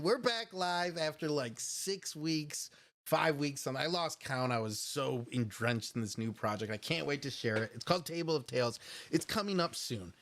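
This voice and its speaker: A playful man in a live-play tabletop game, laughing often as he describes what his character does. His voice sits at an everyday middle pitch, and he also hosts the stream. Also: a bit bright. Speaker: player and show host.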